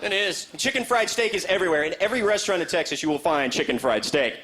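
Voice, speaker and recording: A man doing a stand-up comedy set in a club, animated and slipping into high character voices. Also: quick pace. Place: comedy club stage with a laughing audience. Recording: live club recording with crowd and noise.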